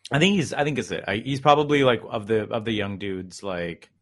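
Man, lowish voice, casual chat, rambling, lots of fillers. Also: fairly quick, a bit bright. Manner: rambling, filler-heavy storytelling.

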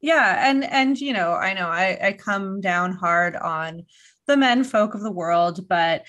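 A woman hosting a podcast, chatting casually, laughing often and tossing in quick self-mocking asides. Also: mid-range voice, animated, a bit bright. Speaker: podcast host. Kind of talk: casual interview chat.

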